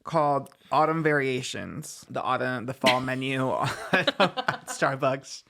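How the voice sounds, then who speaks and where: Very low-voiced woman co-host. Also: lively intonation, slow pace, vocal fry, a bit bright. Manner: laughs often, short replies. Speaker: podcast co-host. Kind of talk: casual chat.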